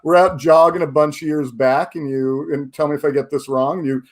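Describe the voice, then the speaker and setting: A man hosting a casual interview and ribbing his guest with dry banter. His voice sits a little higher than most men's. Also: steady tone, normal speed. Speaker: podcast host.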